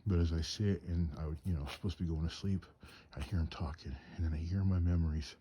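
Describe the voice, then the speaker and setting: A man's voice: low-pitched, fairly even intonation, quick pace, mellow, slightly rough. A man telling stories in a rambling, chuckling way, cold and shivering outdoors at night. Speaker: storyteller and craftsman. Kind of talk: casual storytelling. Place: outdoors at night on a mountain trip.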